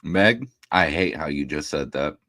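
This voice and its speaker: A man's voice: rumbling low, expressive, unhurried, pushed and bright, no echo, studio quality. A man hosting a casual livestream, talking bluntly and ranting with plenty of profanity. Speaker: livestream host.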